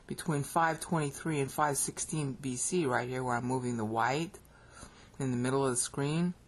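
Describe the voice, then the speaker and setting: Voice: mid-range voice, slightly rough. A Bible teacher with an American accent, narrating a screen-recorded lecture and checking in with listeners with frequent "okay?" as they explain.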